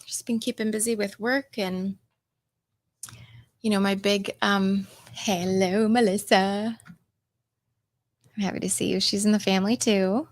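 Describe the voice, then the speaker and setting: A woman's voice: medium pitch, steady tone, unhurried, pauses often. A middle-aged woman hosting a casual livestream from home, chatting with viewers with lots of ums and laughs. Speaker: coach and livestream host.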